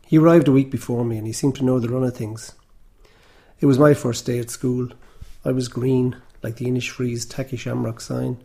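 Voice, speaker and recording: A man from Tipperary, reading his own first-person story in a wry, measured way. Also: medium pitch, flat delivery, vocal fry, warm tone. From Tipperary, Ireland.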